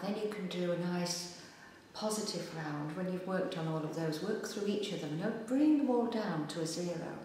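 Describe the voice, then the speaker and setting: A woman's voice: lowish voice, normal speed, a little hiss or hum. Female practitioner, soothing repetitive guidance; reverberant room. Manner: calm, repetitive coaching phrases. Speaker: EFT practitioner. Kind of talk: guided tapping instruction. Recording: echoey room with long reverb.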